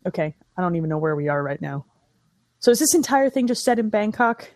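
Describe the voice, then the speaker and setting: A woman's voice: on the low side, sing-song, fast talker, darkish tone, no room sound, studio quality. A woman making sarcastic, profane running commentary on a film with a friend. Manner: sarcastic, swearing, mocking the film. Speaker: movie riff co-host. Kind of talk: casual movie commentary.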